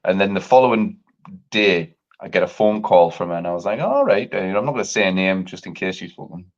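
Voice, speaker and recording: An animated man tells a story in casual chat, swearing freely and mimicking others with leaps in pitch. His voice swings widely from low to high. The stream audio is dull and lo-fi. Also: fairly quick. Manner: animated, swearing, acts out quotes with big pitch jumps. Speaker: podcast host.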